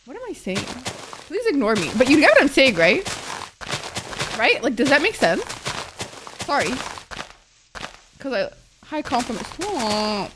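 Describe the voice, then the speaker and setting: In a high, very animated voice, she takes her time and pauses often, crying as she gushes her thanks to game-stream viewers and swears without restraint. There's background music and plenty of noise.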